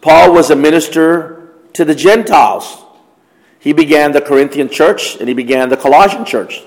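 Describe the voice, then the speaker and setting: A man's voice: fairly high pitch, moderate pace. A man preaching a Bible study sermon, reading verses aloud and then explaining them in a conversational way, posing questions to the congregation. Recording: long hall reverb.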